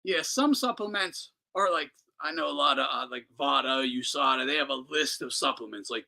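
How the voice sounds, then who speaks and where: A man's voice: medium pitch, animated, normal speed, vocal fry, few pauses, pushed and bright, poor audio. A man hosting a boxing talk show, ranting in a heated, profane way. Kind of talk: ranting commentary.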